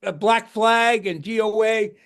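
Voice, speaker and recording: A man's voice: sits high, measured pace, a crowd in the background. An older man, a guest musician, tells stories in a casual interview, rambling and restarting his words.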